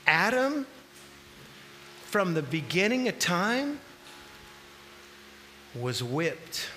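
Preacher, male, high and lively delivery, slow and deliberate, echoing hall. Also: a little hiss or hum. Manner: animated, acts out voices in the scripture, shouts at peaks. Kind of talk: sermon.

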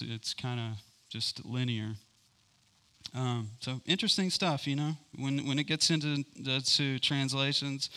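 Casual male preacher, keen and chatty, crisp bright voice, stumbles through fillers. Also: mid-range voice. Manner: enthusiastic, rambling with many fillers. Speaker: Bible teacher. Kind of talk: informal Bible teaching.

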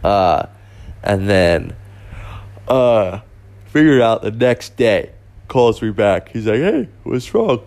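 A man's voice: on the low side, slow, long pauses, a little mellow. A young man hosting a podcast, telling travel stories in a casual, rambling way full of fillers and restarts. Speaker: podcast host.

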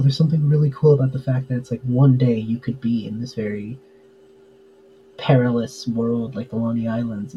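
A man with a mid-range voice chats casually as a guest on a podcast, his talk full of fillers and easy laughter. He plays tabletop games, and the interview is relaxed. The audio is dull, carrying a little hiss or hum.

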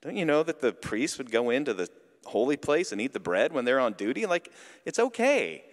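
A man's voice: medium pitch, big pitch swings, a little fast, natural voice. A man voicing a blunt, exasperated adult male teacher, with casual, incredulous retorts. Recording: long hall reverb.

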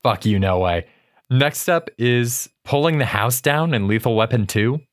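A man with an average-pitched voice co-hosting a movie podcast. He talks in a laid-back, joking way and swears casually. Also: expressive, a little slow. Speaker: podcast co-host.

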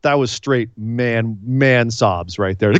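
A man co-hosting a casual podcast, excitable and animated, acting out big moments with shouts and laughs. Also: medium pitch, smooth, dry recording, highs cut off. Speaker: podcast co-host.

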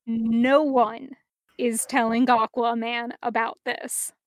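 A woman voicing a calm young male team leader who sounds firm and tired. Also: very high-pitched, takes it slowly, no room sound, studio quality. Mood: weary.

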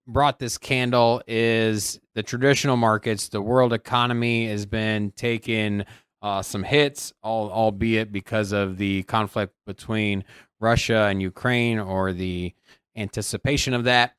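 A male podcast co-host chats about markets in a loose, slangy manner. His voice is smooth and resonant. It sits dry and close to the mic. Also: fairly low pitch, fairly even intonation, a little slow, no room sound. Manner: loose, laid-back, slangy. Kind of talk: casual market chat.

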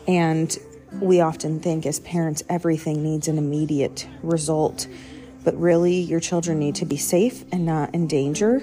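A low-pitched young woman talks in a loose, conversational devotional style, circling back and fixing her words as she goes. Soft music plays faintly underneath her voice. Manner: rambling, self-correcting, conversational. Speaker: podcast host. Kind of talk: casual devotional talk.

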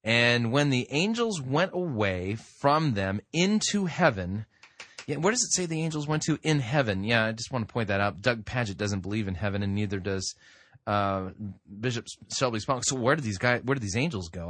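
A man hosting a commentary show, reading scripture aloud and stopping a sermon recording to dispute it, halting and muttering at times. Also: medium pitch, lively intonation, fairly bright tone, no echo. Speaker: podcast host.

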